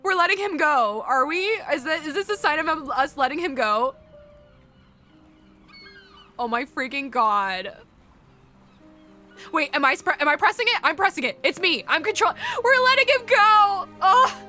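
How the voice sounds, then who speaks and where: Tearful high-voiced woman streamer. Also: animated, moderate pace, pauses often, pushed and bright, faint music behind. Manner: emotional, exclaiming, laughing through tears. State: crying, stuffed nose. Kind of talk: live game stream reaction.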